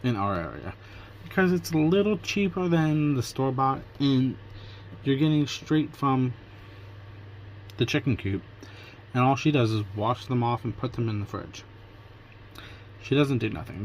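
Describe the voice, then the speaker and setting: A man's voice: mid-range voice, lively intonation, moderate pace, pauses often, a little mellow, a little hiss or hum. Chatty man retelling his day. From Pennsylvania, USA. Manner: retells his day in quoted back-and-forth dialogue. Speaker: vlogger. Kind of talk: casual storytelling vlog.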